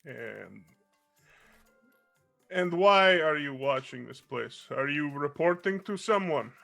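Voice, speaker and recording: A man playing a tabletop game, wry and animated, slipping into character lines. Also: a little high, takes it slowly, gravelly, soft background music. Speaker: player. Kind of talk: casual tabletop game play.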